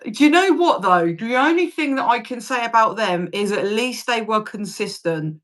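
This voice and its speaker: A woman's voice: fairly high pitch, lively intonation, moderate pace. British woman in her 40s chatting on a livestream, laughs a lot, swears, just rambling along. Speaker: livestream host. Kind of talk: casual livestream chat.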